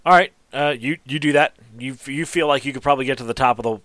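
A man narrating as game master of a tabletop game in a relaxed, halting way. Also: mid-range voice, dry recording.

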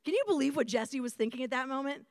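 A young adult woman preaching a sermon to young adults in a conversational, animated way, calling on the room to respond. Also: high-pitched, quick pace, no room sound, clean studio sound.

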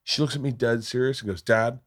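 A middle-aged man hosting a podcast, telling stories in a lively casual way, acting out quotes and swearing. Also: medium pitch, fairly quick. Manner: animated storyteller, swears, acts out quotes. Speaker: podcast host. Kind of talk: casual storytelling chat.

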